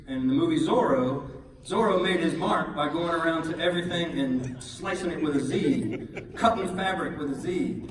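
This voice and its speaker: A man's voice: fairly high pitch, slight background noise. A man in his forties, the son, giving a funny and earnest memorial tribute with self-deprecating stories. He chuckles often as he talks. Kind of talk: humorous eulogy storytelling. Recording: echoey hall recorded from far off.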